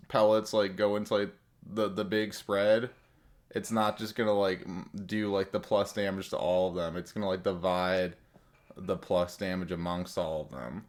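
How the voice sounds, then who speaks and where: A man with a somewhat low voice talks through game updates in a loose, rambling way. He piles on slang and filler words as he goes. It sounds like relaxed, casual commentary from a gaming content creator.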